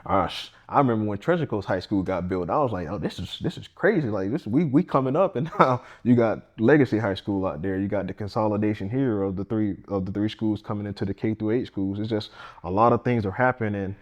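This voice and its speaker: A man's voice: lowish voice, a little fast, highs cut off. A man, a candidate speaking earnestly and plainly in a casual interview, often restarting his sentences. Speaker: congressional candidate and firefighter.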